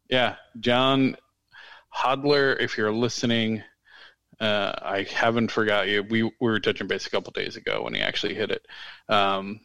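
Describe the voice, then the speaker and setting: A man's voice: fairly low pitch, a bit bright, no echo. A man co-hosting a podcast in casual chat, rambling loosely with lots of fillers and restarts. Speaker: podcast co-host.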